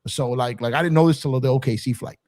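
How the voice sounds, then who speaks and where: A man telling a profane, animated story in casual podcast talk. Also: mid-range voice, fast, no echo, studio quality. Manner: animated, profane, acts out quotes. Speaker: podcast co-host.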